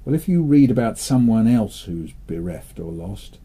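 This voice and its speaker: An older man from England, talking in a relaxed interview with a dry, playful manner and telling jokes with lively delivery. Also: lowish voice, normal speed, husky. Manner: dry, playful, animated when storytelling. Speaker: interviewee, children's author.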